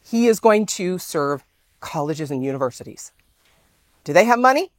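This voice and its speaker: A woman speaking to an audience, telling a story in an animated way and acting out the dialogue. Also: on the low side, normal speed, dry recording. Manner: animated, exclaims often, acts out quoted dialogue.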